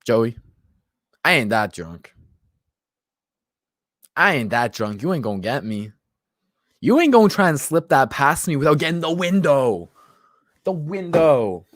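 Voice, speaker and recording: A tipsy young man hosts a loose, casual livestream, riffing with his viewers and reading their comments aloud. His voice sits at a middle pitch, and the sound is dry and close, with no room echo. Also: lively intonation, a little slow, pauses often, fairly bright tone. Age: 20s. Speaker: livestream host.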